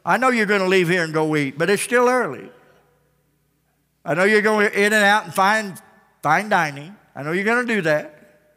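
A male pastor preaching an altar call, swinging between loud calls and soft pleading. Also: high-pitched, lively intonation, normal speed, long pauses. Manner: calls out names loudly, then drops to soft pleading. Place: large church sanctuary. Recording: church broadcast with long reverb.

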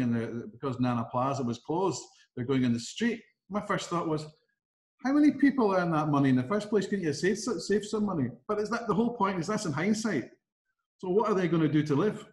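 Scottish man on an echoey call. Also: mid-range voice. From Scotland. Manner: earnest, poses worried questions. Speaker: co-host. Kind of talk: casual remote chat. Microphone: video call.

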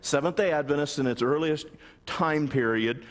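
Pastor preaching in an echoing church. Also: male voice, on the high side, moderate pace. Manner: asks the congregation frequent rhetorical questions. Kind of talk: sermon. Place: large church sanctuary.

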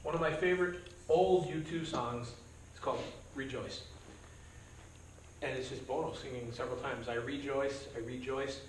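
Here a pastor talks at a normal speed in a medium-pitched voice with fairly even intonation. He leads a conversational, verse-by-verse Bible study in a church meeting room, joking and acting out quoted voices. Slight, faint background noise sits under a roomy, distant recording.

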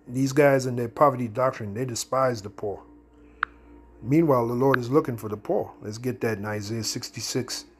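A man giving a blunt, slangy preaching commentary, reading scripture verses slowly between remarks. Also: medium pitch, a little mellow, husky. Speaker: Bible teacher.

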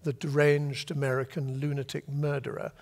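An older man from Britain, an author telling a long, lively anecdote to a festival audience and acting out the voices he quotes. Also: mid-range voice, normal speed, gravelly, long reverb tail. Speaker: author guest. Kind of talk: storytelling at a festival talk. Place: festival venue before an audience.

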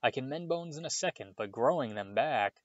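A stern older school nurse from a storybook, put on by a male reader. She talks briskly and scolds without much softness. The sound is dry and close, with a dull, muffled edge. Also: mid-range voice, lively intonation, no echo, natural voice.

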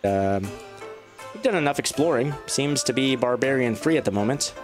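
A man at a mid-range pitch chatting through a strategy game session, bantering with his units as if they could hear him. His voice jumps up sharply whenever something excites him. Faint game music plays underneath. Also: normal speed. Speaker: let's play gamer. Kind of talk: casual gameplay commentary.

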